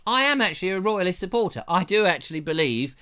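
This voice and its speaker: A man's voice: high-pitched, sing-song, fast talker, pushed and bright, clean tone. A man hosting a live show, chatting casually in a rambling, jokey way and often interrupting himself, on a lavalier mic. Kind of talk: casual live-stream chat.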